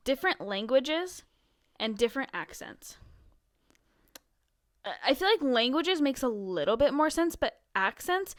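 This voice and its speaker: A woman's voice: high voice, normal speed, no room sound, studio quality. A young American woman co-hosting a podcast, chatting casually with lots of giggles. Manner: giggly, animated storyteller. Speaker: podcast co-host. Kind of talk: casual chat.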